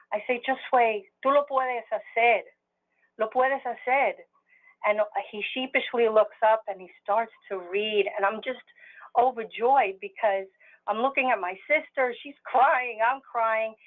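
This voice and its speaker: Woman webinar presenter, earnest storyteller, tinny phone line. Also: medium pitch. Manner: earnest, heartfelt. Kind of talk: personal storytelling.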